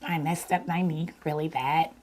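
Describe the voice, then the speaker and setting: A woman with a sore throat, hosting a mukbang and slowly retelling a story to her viewers in a casual way. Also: deep voice, fairly even intonation, a little mellow, a little hiss or hum. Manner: slow, deliberate retelling with repeats. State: sore throat, partly lost voice. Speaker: mukbang channel host.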